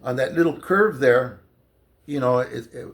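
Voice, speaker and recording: A man's voice: mid-range voice, measured pace. A man casually telling a long personal story, loose and conversational with lots of fillers and restarts. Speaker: storyteller recounting jail experiences.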